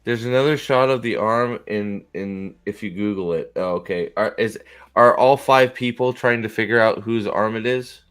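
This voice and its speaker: A man's voice: fairly low pitch, normal speed, a bit bright, clear, resonant tone, faint music behind. A man hosting casual reaction commentary on video clips, rambling and joking crudely. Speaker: host.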